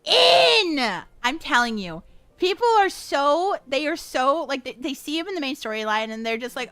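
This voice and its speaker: A woman reacting to a game in casual commentary, excitable, flustered and giggly. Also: sits high, moderate pace, dry recording. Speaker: streamer.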